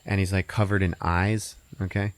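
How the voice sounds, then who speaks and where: A man hosting a podcast, casually recapping a movie's plot with lots of profanity and laughter, jumping into squeaky put-on voices for the characters. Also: moderate pace, no room sound. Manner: profane, laughing, animated storytelling. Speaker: podcast host.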